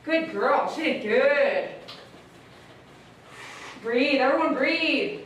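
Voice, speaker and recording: A woman dog groomer who coaxes a dog softly and chats with viewers as she works. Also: high voice, expressive, drawn-out words, recorded from a distance, slight background noise. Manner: soothing, coaxing talk to a dog, chatty asides to viewers. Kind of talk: livestreamed grooming with running commentary. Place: grooming room. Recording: echoey room, voice a bit off-mic.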